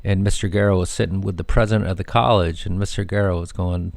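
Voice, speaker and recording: Gravelly low-voiced man telling stories. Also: fairly even intonation, fast talker, a little mellow, no echo. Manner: rambling, many fillers and restarts. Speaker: radio show host. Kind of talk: telling family stories on air.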